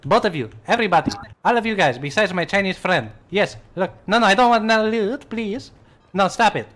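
A man's voice: high voice, brisk, a bit bright. Crude teasing man in game voice chat. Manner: crude, teasing, slips into mock characters. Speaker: streamer in online game voice chat. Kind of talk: prank role-play in game voice chat.

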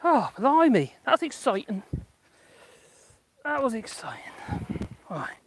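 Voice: mid-range voice, big pitch swings, slow pace. A vlogger chatting casually while building a greenhouse in a windy garden, muttering to themself, swearing and laughing. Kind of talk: casual DIY chat.

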